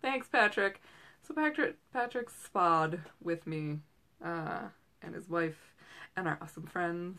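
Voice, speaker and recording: A woman's voice: lowish voice, slow pace, pushed and bright. A woman in her thirties chatting casually as a host, rambling through tangents with lots of fillers. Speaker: host and direct seller. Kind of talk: casual chat. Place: small room at home.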